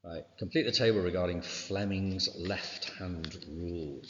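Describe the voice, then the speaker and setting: Very deep-voiced male teacher, revision lesson. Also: measured pace, noisy background. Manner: informal, fills with "right" and "okay". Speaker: science teacher. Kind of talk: exam revision walkthrough. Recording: dull sound with long reverb.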